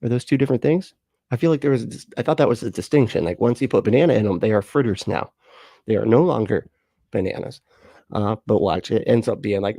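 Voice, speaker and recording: A man's voice: fairly low pitch, quick pace, creaky, warm tone, no room sound. A man in his late thirties hosting a casual livestream, rambling through chat comments with frequent laughs and casual swearing. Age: late 30s. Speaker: livestream host.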